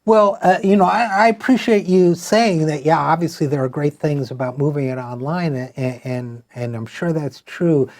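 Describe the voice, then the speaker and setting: A man's voice: fairly high pitch, fairly even intonation, normal speed, few pauses, darkish tone. A middle-aged man hosting an interview, musing aloud with frequent restarts and fillers. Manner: rambling, thinks aloud with many restarts and fillers. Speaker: show host. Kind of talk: conversational interview.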